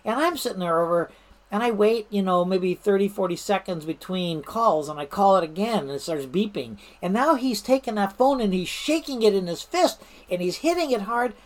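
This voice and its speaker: A woman's voice: mid-range voice, normal speed. A middle-aged woman who spent her career in the fire service tells old stories in a loose, chatty way. She sounds amused, breaking into laughter and restarting her sentences often. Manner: lively and amused, laughs while telling, many restarts. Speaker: retired fire service manager telling stories. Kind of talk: casual anecdotal storytelling.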